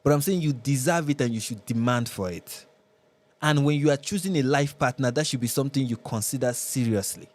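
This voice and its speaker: A man's voice: medium pitch, a little fast. A Nigerian man hosting a live reaction show, commenting with sarcasm and exasperation.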